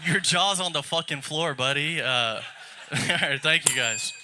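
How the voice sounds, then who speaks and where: A man's voice: on the high side, unhurried, noisy background. A man doing a stand-up set, telling a story and laughing at his own jokes. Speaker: stand-up comedian. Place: comedy club stage.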